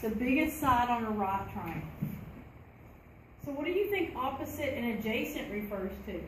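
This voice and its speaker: A woman's voice: fairly high pitch, big pitch swings, moderate pace. A woman teacher, leading a classroom lesson and asking the class questions. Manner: conversational, asks the class questions. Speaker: math teacher. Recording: echoey classroom, faint room noise.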